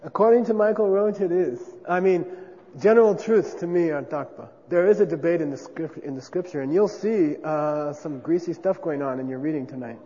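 A man lectures a class in a relaxed, conversational way, often checking in with his listeners. His voice sits fairly high for a man. The sound is dull and lo-fi, with a long hall reverb and faint noise behind. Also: fairly quick. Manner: conversational, checks in with frequent 'okay?'. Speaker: teacher. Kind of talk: classroom lecture on Buddhist philosophy.

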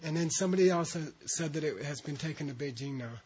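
A man's voice: a little high, quick pace, a little mellow. Man teaching a class on lo-fi tape. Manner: patient, breaks words into syllables for students to repeat. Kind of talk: classroom lecture with call-and-repeat reading. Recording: dull lo-fi recording.

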